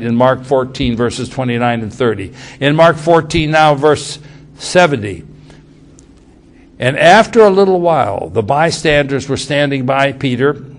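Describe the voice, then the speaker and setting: A male preacher reading scripture aloud and commenting on it, swinging from loud, urgent passages to hushed ones. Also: medium pitch, vocal fry. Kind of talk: sermon.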